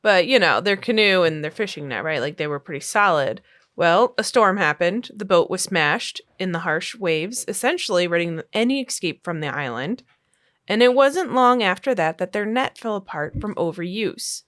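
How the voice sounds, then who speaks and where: A woman hosting a podcast, telling a true story in a relaxed, chatty way with fillers and laughs. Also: lowish voice, normal speed. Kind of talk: casual storytelling chat.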